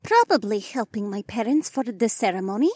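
Man putting on a sweet, high female alien. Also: sing-song, a little mellow, breathy edge, no echo, studio quality, exaggerated voice. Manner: slow, formal, childlike wonder. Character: gentle female alien bride, sweet and curious.

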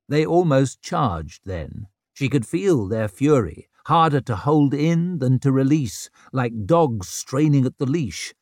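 A man's voice: medium pitch, darkish tone, no room sound. A man narrating an audiobook in a dry, wry manner.

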